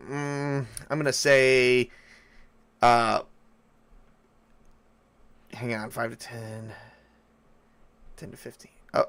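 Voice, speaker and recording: A man's voice: medium pitch, fairly bright tone, clear, resonant tone. A man running a tabletop game as game master, talking loosely with many fillers and restarts.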